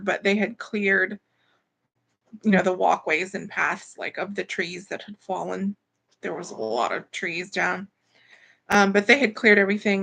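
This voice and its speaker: Gravelly-voiced woman chatting on a livestream. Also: medium pitch, fairly bright tone. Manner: rambling, filler-heavy, greeting chat viewers. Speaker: live stream host. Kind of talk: casual live-stream chat.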